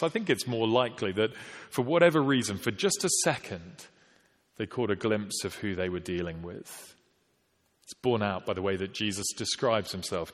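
A man preaching a sermon, measured and emphatic, slowing down to stress quoted scripture. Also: on the low side. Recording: long hall reverb.

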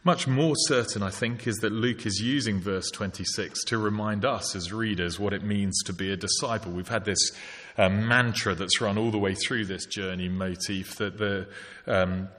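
A man's voice: lowish voice, normal speed, fairly bright tone. A man preaching a sermon, reflective and full of rhetorical questions. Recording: long hall reverb.

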